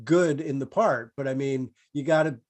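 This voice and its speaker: A man's voice: mid-range voice, moderate pace, a little mellow. A male comedian on a video call, chatting casually in a rambling, self-amused way with lots of fillers. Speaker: comedian guest. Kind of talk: casual chat.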